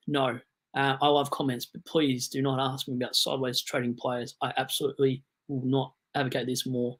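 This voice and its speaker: Young Aussie bloke, live-stream host, hyped, rambling, sudden loud bursts. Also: male voice, medium pitch. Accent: Australian. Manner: excitable, digressive, swings from loud bursts to mumbling asides. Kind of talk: casual live-stream chat.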